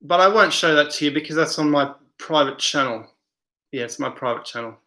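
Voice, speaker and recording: Male stream host, slightly high and bright, chatty and hesitant as he reads out viewer comments. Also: brisk. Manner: rambling, hesitant, many fillers, reads comments aloud. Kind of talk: casual live chat.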